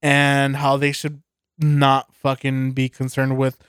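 A man's voice: medium pitch, completely flat delivery, slow, a bit bright, clear, resonant tone, no room sound, studio quality. A man co-hosting a casual podcast, ranting heatedly and swearing constantly. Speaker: podcast co-host. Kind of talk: casual beer podcast chat.

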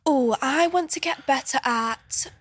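A woman's voice: high-pitched, unhurried, fairly bright tone. A woman in her early twenties, a podcast guest, telling stories in casual chat with frequent laughs and restarts. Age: early 20s. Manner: chatty storyteller, laughs often, restarts mid-sentence.

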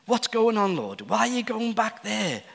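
Worried disciples plead urgently, their voices pitched up with alarm, put on by a male preacher. The lines ring out in the long reverb of a large hall. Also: very animated, normal speed, creaky, fairly bright tone, heavily acted.

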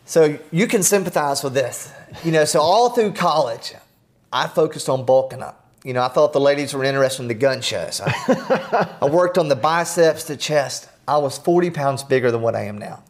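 A middle-aged man, a podcast guest, telling personal stories in an earnest, animated way with self-deprecating humor. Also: a little high, normal speed. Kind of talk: storytelling in conversation.

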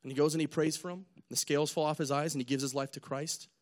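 A young man preaching in a casual, lively way, retelling a story and acting out its people with jokes at his own expense. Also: a little high, fast. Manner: animated storyteller, acts out characters, jokes at himself.

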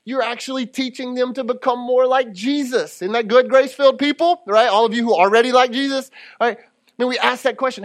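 High-voiced pastor preaching casually. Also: male voice, fairly quick. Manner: conversational preaching with audience call-and-response asides. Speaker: lead pastor. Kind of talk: sermon.

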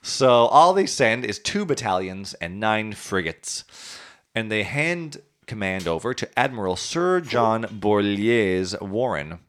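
Animated man joking through history. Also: fairly low pitch, slow. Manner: jokey, acts out historical figures in silly voices. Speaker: podcast host telling history. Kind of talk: casual history chat.

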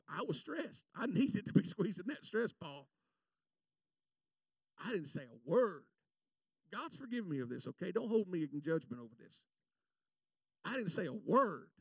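A preacher man with a high voice full of gravelly fry, preaching with fervor. He slips into folksy stories and slows right down on scripture. The voice is picked up from a distance from the mic, with a dry, dead sound. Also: a little mellow, dry recording. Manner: fervent, folksy storytelling, drawing out scripture slowly. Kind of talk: sermon.

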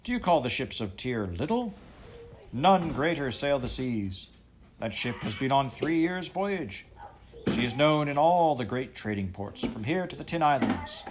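A man's voice: mid-range voice, expressive, measured pace, background noise, close to an everyday voice. A man voicing a proud, scornful ship captain with a growling, blustering manner. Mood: boastful.

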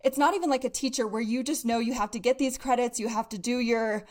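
A woman's voice: on the high side, fast talker. Breathless, chatty young woman podcast host. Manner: chatty, upbeat, laughs often. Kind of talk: casual chat.

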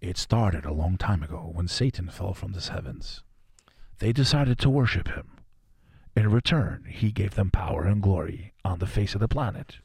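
A man's voice: low-pitched, lively intonation, normal speed, creaky, darkish tone, husky, no echo, exaggerated voice. A man putting on an ominous movie trailer narrator.

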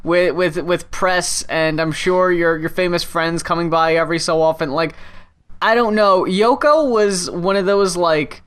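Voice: mid-range voice, unhurried, a bit bright, clear, resonant tone. A speaker in casual conversation, making dry, sarcastic remarks and telling stories with some filler hesitations. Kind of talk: casual chat.

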